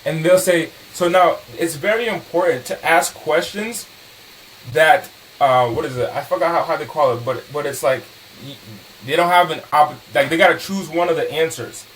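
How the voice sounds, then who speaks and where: Male speaker, animated storyteller, slightly high voice, distant mic with faint hiss. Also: normal speed. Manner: animated, acts out customer dialogue. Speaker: motivational speaker. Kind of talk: storytelling talk to an audience.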